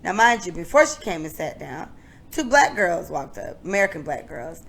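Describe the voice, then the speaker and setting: A young adult woman co-hosting a podcast, telling a long story in casual chat, animated and profane, often laughing. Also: on the low side, normal speed, gravelly. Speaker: podcast co-host.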